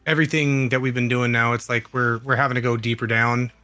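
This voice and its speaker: An easygoing man talks through a co-op survival game in a mid-pitched, bright voice. Faint music plays quietly under his casual chat. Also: level tone, quick pace, no echo. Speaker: co-op gaming partner.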